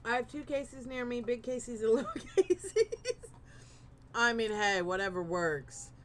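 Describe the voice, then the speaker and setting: A woman's voice: fairly high pitch, expressive, moderate pace, a little hiss or hum. A woman streamer in her thirties, chatting casually and encouragingly with her viewers while gaming, a bit rambling.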